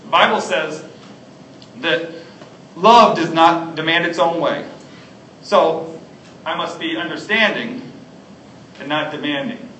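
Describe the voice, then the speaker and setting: A man's voice: a little high, slow, long pauses, sharp tone, slight background noise. Man, pastor, sermon, earnest, restarts, roomy hall, distant mic. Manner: earnest, repetitive restarts and fillers. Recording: echoey hall, distant mic, faint ambience.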